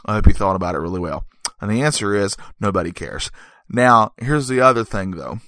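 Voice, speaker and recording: A man's voice: fairly low pitch, expressive, a little fast, a bit bright, soft background music. A man reviewing a movie in a casual, joking monologue, rambling and correcting himself as he goes.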